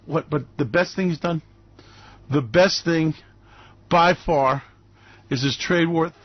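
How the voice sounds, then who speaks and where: Sarcastic radio host guy, fairly high voice, hamming it up, dry dull sound. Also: takes it slowly, slightly rough, no room sound. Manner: sarcastic, mock-gushing, theatrical.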